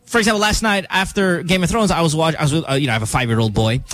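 A man's voice: a little high, rapid-fire, fairly bright tone. A man in his thirties hosting a radio morning show from the studio, rambling casually and laughing at himself. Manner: rambling and self-mocking, chuckles often. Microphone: studio microphone.

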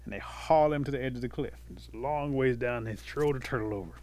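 A man telling a traditional animal folk tale, animated, with lively shifts in his voice. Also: mid-range voice, quick pace. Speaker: storyteller.

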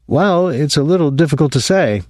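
A man's voice: fairly high pitch, lively intonation, moderate pace, a little mellow, no room sound, studio quality, voice pushed up, lightly acted. A man reading an audiobook, voicing a polite young man who talks in an apologetic way.

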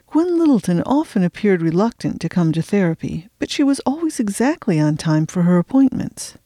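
A woman's voice: fairly low pitch, dark tone, no echo, clean studio sound. A woman hosting a fiction podcast, chatting wryly before reading her own mystery story aloud from her attic. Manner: wry, chatty and self-deprecating. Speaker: podcast host and fiction reader. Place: home attic.

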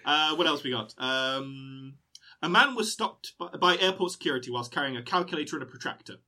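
A man's voice: fairly high pitch, a little fast. A man co-hosting a podcast, joking in casual chat. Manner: jokey, animated. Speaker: podcast co-host.

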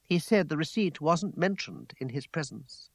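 A man reading aloud voices a smooth, evasive gentleman in a lower, measured tone. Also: lively intonation, no room sound.

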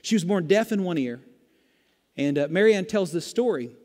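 A male pastor with a notably high voice delivers an emphatic sermon, driving points home with rhetorical questions and repetition. His voice rings out with a long reverb from a large church sanctuary. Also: animated, normal speed, a little mellow.

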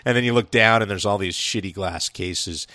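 A man's voice: fairly low pitch, moderate pace, sharp tone, dry recording. A man co-hosting a podcast, chatting casually about a movie, rambling, swearing a lot and laughing often. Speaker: podcast co-host. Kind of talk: casual profane movie chat.

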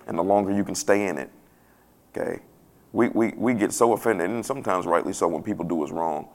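A man preaching a sermon in a casual, playful way that swells to loud emphasis now and then. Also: low voice, brisk. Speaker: pastor.

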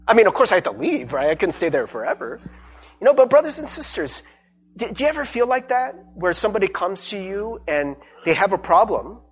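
Animated husky-voiced man preaching. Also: high-pitched. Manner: animated, acts out everyday dialogue with repeated "right?". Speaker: pastor. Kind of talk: conversational sermon.

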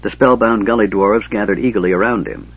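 A man reading a fantasy story aloud as a steady narrator. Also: fairly low pitch, fairly quick, husky, muffled recording. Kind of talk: scripted narration.

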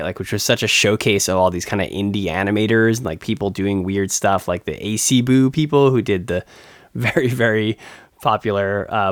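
Laughing often, a podcast co-host rambles through casual conversation with many fillers and restarts. His pitch is fairly low, and the recording is dry with clean studio sound.

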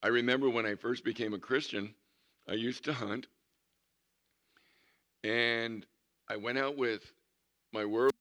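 A man's voice: medium pitch, fairly even intonation, unhurried, pauses often, fairly bright tone. A man in his sixties, a pastor preaching a conversational sermon with humorous storytelling in a church. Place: church sanctuary.

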